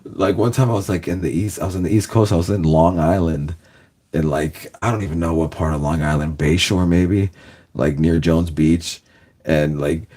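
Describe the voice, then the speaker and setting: A man with a fairly low, darkish voice hosts a reaction video from Los Angeles. His casual chatter rambles on, every phrase padded with "like," broken up by frequent laughs.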